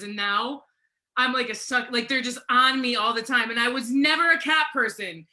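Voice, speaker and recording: A bright, crisp-toned woman in her forties hosts a relaxed live chat. She talks in a somewhat high voice, chatty and animated, and laughs often as she acts out little quotes. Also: brisk. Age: 40s. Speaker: host. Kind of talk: casual livestream chat.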